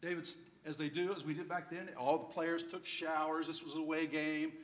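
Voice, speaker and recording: Older man telling a lively sermon story. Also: fairly high pitch, fairly quick. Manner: lively storyteller, playful humor. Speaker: preacher.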